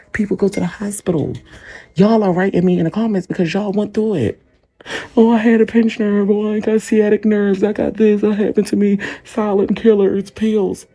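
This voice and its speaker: Husky-voiced man ranting defensively on a livestream. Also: sits high, a little mellow. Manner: defensive, repetitive, addressing commenters directly. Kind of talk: emotional livestream rant. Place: hospital room.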